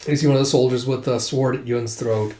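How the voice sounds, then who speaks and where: Male vlogger for a casual recap, animated storyteller, middle pitch, roomy echo on the recording. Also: fast talker. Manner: animated, acts out quotes, says "it's like" often.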